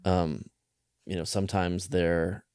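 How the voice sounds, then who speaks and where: A podcast host with a low, smooth, resonant voice chats in a relaxed and agreeable way. His voice sits dry and close on the mic. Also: takes it slowly, no room sound. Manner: relaxed, agreeable, frequent "yeah" and "fair enough". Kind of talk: casual interview chat.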